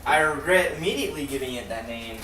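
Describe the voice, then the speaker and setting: A man's voice: medium pitch, lively intonation, quick pace, sharp tone, a little hiss or hum. Rambling young man in an echoey room. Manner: rambling, profane, laughing asides. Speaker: let's play commentator. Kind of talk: casual storytelling over gameplay. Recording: echoey room, mic at a distance.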